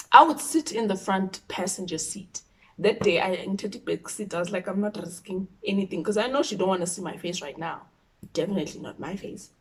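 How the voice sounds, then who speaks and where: A young woman with a South African accent telling a personal story, animated, dropping into whispers for asides. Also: medium pitch, recorded from a distance, poor audio. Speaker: YouTuber. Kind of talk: storytime vlog.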